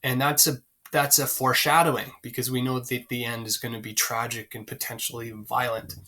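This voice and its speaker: Male teacher, bright clear voice, casual lesson delivery with plenty of fillers. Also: medium pitch, flat delivery. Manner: conversational, many fillers, pauses to find lines. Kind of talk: explaining a play to students, casual.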